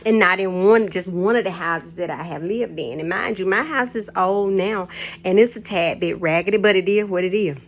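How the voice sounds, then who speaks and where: A woman's voice: mid-range voice, normal speed. Older woman, rambling chat. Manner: rambling, laughs often, folksy Southern turns of phrase. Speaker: vlogger. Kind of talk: casual storytelling to camera. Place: home kitchen.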